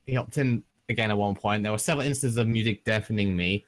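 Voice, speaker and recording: A man's voice: on the low side, fast talker. A man with a British accent rambling through a story in a casual podcast chat, stopping and restarting. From Britain. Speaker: podcast co-host.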